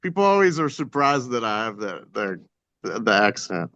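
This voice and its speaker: A man with a thick Kentucky accent, a guest drummer chatting casually on a podcast, animated and quick to laugh and swear. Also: lowish voice, no room sound, lo-fi sound.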